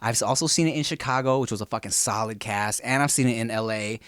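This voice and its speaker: A man's voice: mid-range voice, quick pace, a bit bright, clear, resonant tone, no room sound, studio quality. A man in his thirties co-hosting a podcast, chatting casually, joking and swearing freely. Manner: joking, swearing, breaks into singing. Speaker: podcast co-host. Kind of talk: casual chat.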